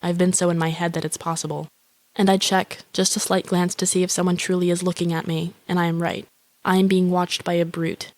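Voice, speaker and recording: An actress plays a lonely, grandiose young woman musing in a flat, deadpan inner-monologue voice-over. Her voice is a touch low and barely rises or falls, and it sits close and dry. She swears casually and sounds self-absorbed. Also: brisk, no echo, close to an everyday voice. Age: young adult.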